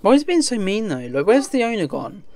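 A man's voice: high-pitched, big pitch swings, fast, a little mellow. A young man giving casual gameplay commentary from his desk at home, chatty and easily startled, gasping and sighing as he plays. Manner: chatty, jumpy, gasps and sighs when startled. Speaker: let's play gamer.

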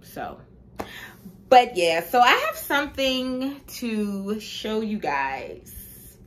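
A young woman vlogs straight to camera in a loose, chatty way. She is expressive and slangy, and her voice swoops widely. She takes her time and draws her words out. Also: mid-range voice, slow pace, slight background noise. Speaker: vlogger. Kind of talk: casual chat to camera.

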